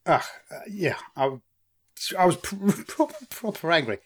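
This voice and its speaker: A man with an East London accent, co-hosting a podcast in casual chat, telling stories in an animated, jokey way with some swearing. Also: sits high, measured pace, husky. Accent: London English. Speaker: podcast co-host.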